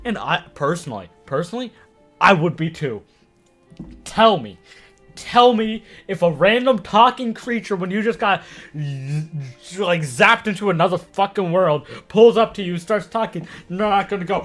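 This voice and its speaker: A man's voice: sits high, normal speed, soft background music. A man giving casual commentary on an anime for his video channel, rambling and swearing freely. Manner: animated, profane, rambling.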